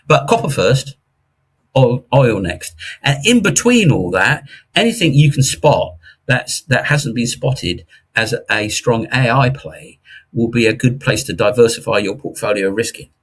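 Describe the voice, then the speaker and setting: A middle-aged man talks markets in a casual interview with a husky, slightly breathy voice. He is animated and jokey, often restarting sentences and throwing in mocking asides. His pitch sits in the middle range. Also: unhurried. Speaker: investment commentator guest.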